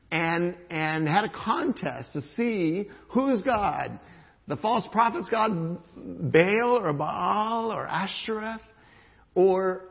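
A man with a slightly high, husky, gravelly voice preaches a sermon, animated and conversational, rising to loud calls and then dropping to quiet asides. The sound is dull and lo-fi, with long reverb from a large hall. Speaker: pastor.

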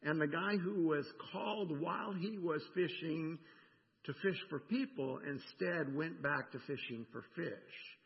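Gravelly man preaching in a reverberant church. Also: a little high, a little slow. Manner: animated, conversational preaching with frequent "right?". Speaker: pastor. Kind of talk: sermon. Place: church sanctuary. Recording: dull sound with long church reverb.

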